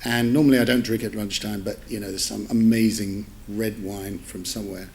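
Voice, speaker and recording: A man's voice: fairly low pitch, steady tone, a little fast, creaky, a little mellow, a little hiss or hum. A middle-aged man telling an amused, rambling anecdote at a public lecture, correcting himself and adding asides. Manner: chatty, self-interrupting, amused asides. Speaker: newspaper editor giving a public lecture. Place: lecture theatre with audience.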